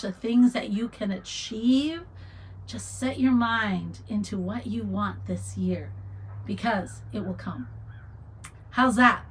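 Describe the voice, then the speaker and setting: A middle-aged woman hosting a casual livestream, chatting and reading viewer comments aloud with warm encouragement. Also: medium pitch, slightly rough, low-quality recording. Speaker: livestream host.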